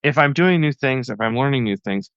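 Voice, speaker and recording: On a casual podcast interview, a guest cartoonist talks in a mid-range, fairly bright voice, animated and brisk. He's enthusiastic and rambling, with plenty of filler words. The recording is muffled but has no echo.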